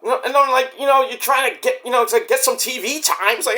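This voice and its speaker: A wrestling commentary vlogger rants casually about wrestling in a very high, sharp, fast voice. He's profane and rambling, and he acts out quoted voices as he goes.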